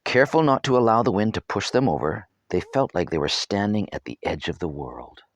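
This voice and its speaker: A man's voice: fairly low pitch, lively intonation, a little fast, dry recording. A man reading his own novel aloud as storybook narration, with wry, humorous asides.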